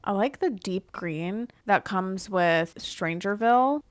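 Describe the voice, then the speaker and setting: A woman's voice: medium pitch, lively intonation, takes it slowly. A young woman giving casual commentary while she builds a house in a life-sim game, thinking aloud in a chatty, playful way. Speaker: Sims building creator.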